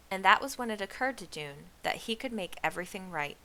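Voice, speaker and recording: A woman reading a children's novel aloud in an expressive storybook style. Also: mid-range voice, brisk, few pauses. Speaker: reader of a children's book.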